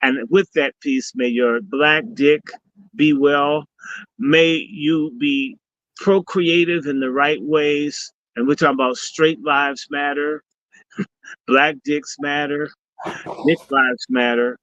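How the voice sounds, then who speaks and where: In casual live-stream talk, a male guest speaker and summit organizer pairs preachy blessings with cursing. His voice sits on the high side, slow and fairly bright with fairly even intonation. Heard over a video call, the audio has no room sound and is dull and lo-fi.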